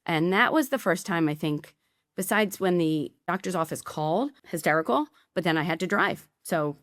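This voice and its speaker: A middle-aged woman, a podcast guest, telling a personal story candidly with quick asides. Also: lowish voice, lively intonation, no room sound, clean studio sound.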